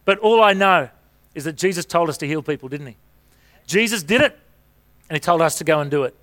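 A man's voice: on the high side, fast, a bit bright. A middle-aged man preaching a sermon, telling stories in a chatty way with rhetorical questions. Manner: conversational storytelling with rhetorical questions.

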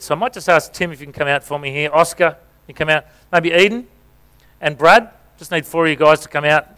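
Jokey pastor with a clear voice. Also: male voice, a little high, a bit bright. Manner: jokey, playful, coaching volunteers on stage. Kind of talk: sermon with acted-out scripture reading. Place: church stage before a congregation.

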